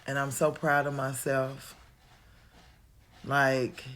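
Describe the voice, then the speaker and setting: A woman's voice: a bass voice, fairly even intonation, a little slow, a bit bright. A woman in her forties talks at home in a reflective, casual monologue, chatty and calling the listener honey. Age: 40s. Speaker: vlogger. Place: at home, indoors.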